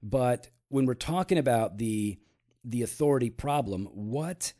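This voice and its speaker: Man, host, mid-pitched voice, lively intonation, measured explaining, many fillers. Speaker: podcast host. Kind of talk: casual teaching talk about church history.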